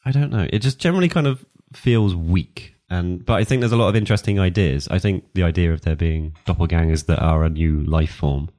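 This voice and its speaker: A very deep-voiced man muses on ideas in a casual podcast chat. He circles his point with hesitant restarts, thinking aloud. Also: a little fast, hardly any pauses, mellow.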